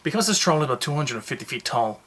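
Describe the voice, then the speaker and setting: A man with a bright, husky voice talks through a movie review in a casual, rambling way. He tells the story with jokes and plenty of animation, and his tone keeps a forward edge. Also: medium pitch, expressive, rapid-fire.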